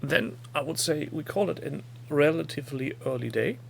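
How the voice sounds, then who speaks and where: A man's voice: a little high, normal speed, vocal fry, noisy background. A man with a German accent hosting a casual hobby video chat, chatty and laughing often. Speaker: host.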